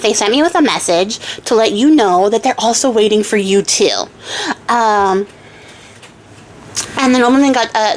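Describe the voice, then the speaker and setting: A woman's voice: lowish voice, a little hiss or hum. A young woman hosting a craft channel, casually retelling a folktale in a chatty, giggly way with lots of fillers. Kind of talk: casual storytelling.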